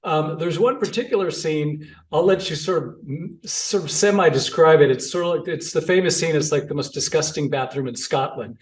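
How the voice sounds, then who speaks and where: A man's voice: a little high, moderate pace, few pauses, recorded from a distance. A man hosting a casual film discussion, chatty and enthusiastic, with plenty of fillers. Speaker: host. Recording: echoey room, off-mic.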